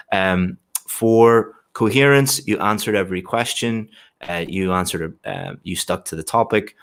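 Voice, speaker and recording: A man's voice: sits low, fairly bright tone. A man working as an English exam tutor, giving one-on-one feedback patiently, explaining step by step and often restarting his sentences.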